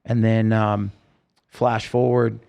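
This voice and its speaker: Gravelly-voiced man telling his story. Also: fairly low pitch, little pitch movement, a little mellow. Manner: halting, full of restarts and fillers; earnest and emotional. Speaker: podcast guest, singer-songwriter. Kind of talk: personal storytelling in conversation.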